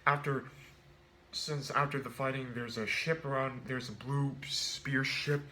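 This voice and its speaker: A man's voice: medium pitch, steady tone, unhurried, sharp tone, slight background noise. Rambling man reviewing a movie. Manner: rambling, many restarts and fillers, acts out quotes.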